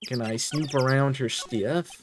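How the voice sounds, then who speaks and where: A streamer reading game dialogue aloud with low, deadpan muttered asides. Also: measured pace, noisy background.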